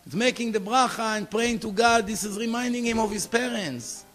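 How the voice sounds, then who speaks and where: Rabbi guy with a high voice telling a sermon story, lively, acts out the people talking, bit of music faint underneath. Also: normal speed. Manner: animated storyteller acting out quoted dialogue.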